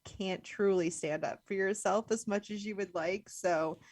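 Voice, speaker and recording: A woman's voice: mid-range voice, measured pace, darkish tone, no room sound, clean studio sound. A young woman co-hosting a casual podcast chat. She talks in a chatty way, uses lots of "like" fillers, and laughs often. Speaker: podcast co-host.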